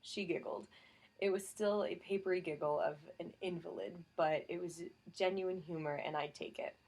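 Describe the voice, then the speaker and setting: A woman reads a novel aloud in first person, with a wry, dry storytelling manner. Her voice sits a little low for a woman. The delivery is steady, scripted narration. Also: moderate pace, breathy edge. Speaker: audiobook narrator.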